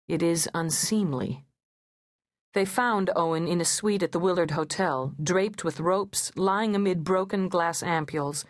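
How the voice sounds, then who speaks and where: A woman reads an audiobook in the first person, her measured delivery carrying a sardonic edge. Her voice sits on the low side for a woman. It was recorded close and dry in a studio, with no room sound. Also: no echo. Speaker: audiobook narrator. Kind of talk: first-person scripted narration.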